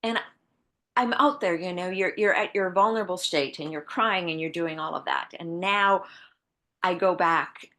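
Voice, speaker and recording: A woman author from the American Midwest, telling a personal story in a podcast interview, earnest and reflective, dropping to a hush and then rising with emphasis. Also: lowish voice, normal speed. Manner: earnest, reflective, shifting between hushed and bursting emphasis. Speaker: author guest.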